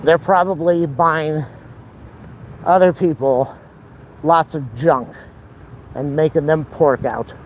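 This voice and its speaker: A man chats to the handheld camera he carries as he walks outdoors. His talk is rambling, wry and blunt, and his voice sits a bit high. A faint hum of city traffic runs underneath. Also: low-quality recording. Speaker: vlogger. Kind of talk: casual walking vlog monologue. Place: outdoors on city streets and lawns. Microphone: camera held while walking.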